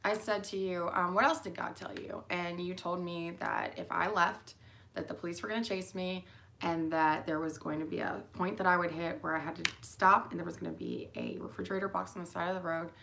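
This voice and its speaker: A tired young mother rambles directly to her daughter, her monologue meandering with fillers and mid-sentence restarts. Her fairly low voice is creaky and a bit bright, with fairly even intonation and a fairly quick pace. Slight background noise is present.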